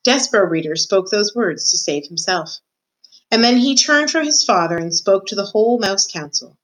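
Woman reading a chapter of a kids' novel out loud, steady and measured, mid pitch. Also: poor audio. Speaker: student reader.

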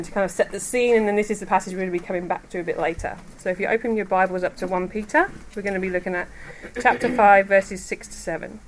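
A woman giving a devotional talk to a women's group, chatty and quick to laugh as she tells personal stories. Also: medium pitch, slight background noise. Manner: chatty, laughs often while telling stories. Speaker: women's ministry speaker. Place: room with a gathered group.

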